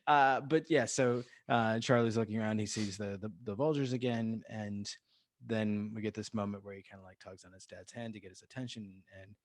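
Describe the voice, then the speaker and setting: A man co-hosting a podcast goes over a film in casual, rambling fashion, full of fillers, laughter, and acted-out quotes. His fairly low voice is steady at a moderate pace, and the recording is dry.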